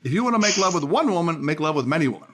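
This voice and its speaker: A man hosting a podcast interview, hesitant and filling pauses with "uh" as he reads out his guest's terms. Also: on the high side, lively intonation, a bit bright. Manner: hesitant, many fillers, reads out her terms. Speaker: podcast host.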